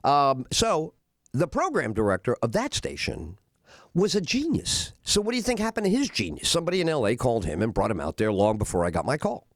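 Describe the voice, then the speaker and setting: A man's voice: mid-range voice, brisk, dry recording, studio quality. A middle-aged man hosting a radio show, telling a long story and acting out the other people in it, with many "uh" fillers. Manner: animated, acts out other voices in his anecdotes; frequent "uh" fillers. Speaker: radio host. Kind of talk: storytelling monologue.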